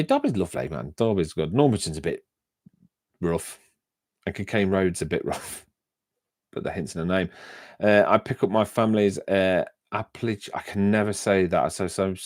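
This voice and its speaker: English man, deep low voice, dry close sound, rambling livestream chat, laughs a lot. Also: darkish tone, dry recording. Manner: rambling, laughs often, frequent restarts and fillers. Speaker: livestream host reading chat. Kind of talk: casual live-stream chat.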